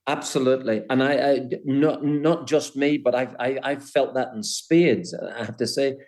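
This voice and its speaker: Older male guest, halting reminiscence, plain mid voice. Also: mid-range voice, steady tone. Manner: hesitant, many restarts, warm storytelling. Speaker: guest, former footballer. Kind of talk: reminiscing interview.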